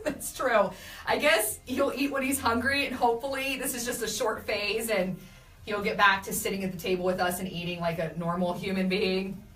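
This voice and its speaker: A young adult woman hosting a casual live video, reading viewer comments and telling animated stories about her kids. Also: mid-range voice, moderate pace, echoey room, recorded from a distance. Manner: chatty, animated storytelling with laughs. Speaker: radio host doing a live video.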